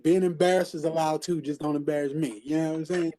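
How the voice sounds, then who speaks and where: A man with a notably high voice runs an open mic with a joking, encouraging manner. He talks loosely and casually to the group. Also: steady tone, fast, crowd noise.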